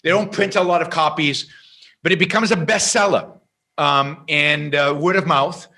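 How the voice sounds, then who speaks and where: Bright-voiced man telling a story emphatically. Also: on the high side, moderate pace. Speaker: podcast guest. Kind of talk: storytelling in a podcast interview.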